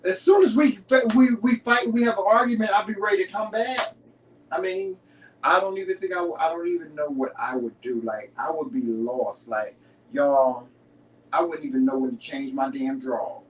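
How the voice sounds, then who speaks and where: A man co-hosting a dinner-table vlog, teasing his husband in a sassy, dramatic, rapid-fire way. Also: fairly high pitch. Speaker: vlog co-host. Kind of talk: casual dinner chat. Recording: roomy, distant mic, faint noise.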